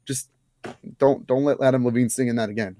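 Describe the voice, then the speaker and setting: A man's voice: mid-range voice, fairly even intonation, brisk, dark tone, no echo. A man co-hosting a podcast in casual chat, telling stories animatedly and laughing often. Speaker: podcast co-host.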